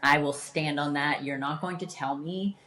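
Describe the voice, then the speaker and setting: Low-voiced, blunt woman podcast host. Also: steady tone, normal speed, fairly bright tone. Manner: emphatic, blunt, swears freely. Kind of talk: candid casual chat.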